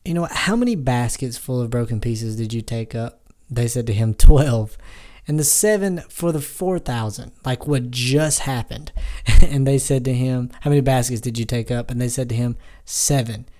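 A man with a mellow, warm tone leads a casual Bible devotional. He reads scripture aloud and then talks it through in an easygoing way, full of "um"s and restarts. His pitch sits in an ordinary middle range. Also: normal speed. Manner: relaxed with frequent fillers and restarts. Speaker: Bible teacher.

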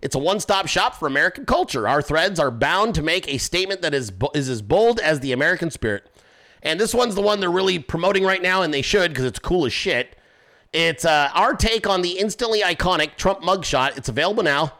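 A man hosting his own show in a casual, profane way, riffing and laughing at his own jokes. His voice sits high and swings widely in pitch. The tone is bright and forceful. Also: animated, a little fast. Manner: loose, joking, swearing, laughs at own stories; acts out voices in anecdotes. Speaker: podcast host.

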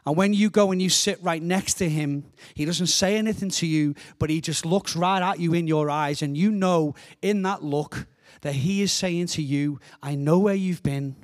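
An earnest, fervent middle-aged man from England, preaching as a guest speaker in a church. His voice sits a little higher than most men's. He often repeats words as he builds toward a point. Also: normal speed, few pauses. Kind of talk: sermon.

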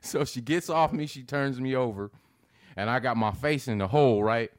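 A man telling a story in loose, profane chat, his voice leaping up high whenever he acts out his own reactions. The sound is close and dry, with no room around it. His delivery stays animated and lively from line to line. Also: moderate pace, no echo. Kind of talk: casual storytelling.

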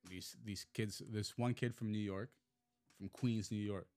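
A man's voice: fairly low pitch, a little slow. Swearing man telling a street story. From Montreal. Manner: swearing, animated retelling with acted quotes. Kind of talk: casual storytelling chat.

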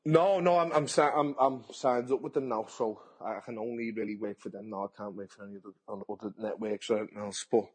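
A man's voice: lowish voice, little pitch movement, quick pace, hardly any pauses, darkish tone, slightly rough. A man, a boxer talking bluntly and chattily in an interview, often repeating his words. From England. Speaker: boxer and TV pundit. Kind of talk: casual interview.

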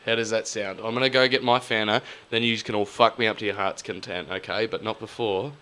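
Young Aussie guy, bright forceful voice, sweary animated storyteller, podcast co-host. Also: fairly low pitch, brisk, clean tone. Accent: Australian. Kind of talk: casual chat.

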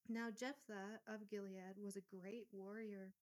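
A woman's voice: medium pitch, little pitch movement, a little slow. A woman leads a Bible study, reading verses aloud and then putting them in plain everyday words. Her tone stays casual and conversational between the readings. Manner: reads scripture aloud, then paraphrases in casual asides.

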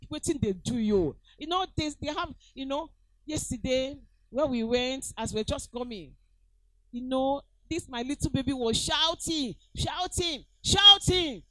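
A middle-aged Nigerian woman preaching with a high voice that leaps up and down in pitch. She presses her points by repeating them and calls out to her congregation. The sound is close and dry. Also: animated, moderate pace, a little mellow, no echo, low-quality recording. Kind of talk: sermon.

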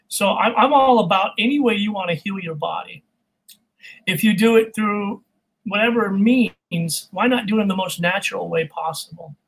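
A man who coaches voice work, chatting as a guest on a video call, animated and quick to laugh. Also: sits high, rough recording. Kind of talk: casual video call chat.

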